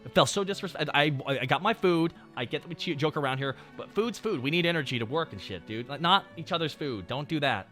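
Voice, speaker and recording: Guy streaming, tells stories w/ lots of swearing, high bright voice, faint music behind. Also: fast talker, hardly any pauses. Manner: animated, profane, swings between muttering and shouting. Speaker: VTuber streamer. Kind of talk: casual storytelling on stream.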